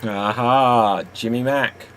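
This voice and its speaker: A man's voice: medium pitch, steady tone, slow pace, a bit bright. A man hosting an improv game in a casual, hesitant way, laughing often between jokes. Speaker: improv host. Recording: faint background noise.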